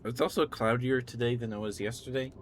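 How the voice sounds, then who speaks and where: A man streaming live, chatting in a relaxed way and thanking viewers, still groggy with a morning voice. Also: medium pitch, a little fast, a little hiss or hum. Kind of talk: casual live-stream chat.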